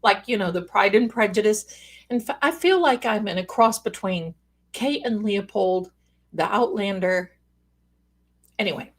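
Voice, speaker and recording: A woman's voice: medium pitch, lively intonation, unhurried. A woman hosting a live stream in casual chat, a chatty, rambling storyteller with playful asides who calls her viewers pet names.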